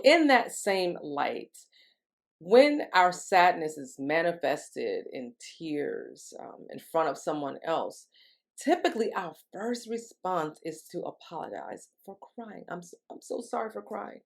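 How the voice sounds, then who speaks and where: A woman's voice: lowish voice, big pitch swings, slow pace. A woman, a grief recovery specialist, explaining step by step in an educational monologue and often asking "right?" to check in with the listener. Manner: acts out quoted speech in a livelier voice.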